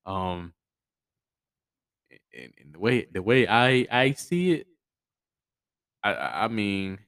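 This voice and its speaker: Low-voiced man with blunt, profane commentary. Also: big pitch swings, slow pace, creaky, fairly bright tone, clear, resonant tone, dry recording. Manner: blunt, profane, frequent stammered restarts. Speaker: podcast host. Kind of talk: casual solo commentary.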